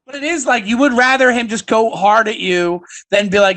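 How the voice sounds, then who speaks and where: A man with a high-pitched voice spins chatty, jokey stories as a guest on a comedy podcast. He talks in loose, casual banter. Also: a little fast, sharp tone.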